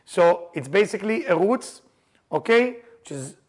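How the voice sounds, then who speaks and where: Speaking in a high-pitched, unhurried voice, a man gives a group a lively lesson on the Passover seder. His storytelling is animated and full of humor, with frequent laughter and shouted emphasis.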